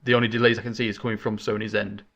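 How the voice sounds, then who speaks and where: A man hosting a casual gaming podcast, talking in an excitable, chatty, rambling way into a desk microphone. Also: on the low side, very fast, vocal fry, highs cut off. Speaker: podcast host.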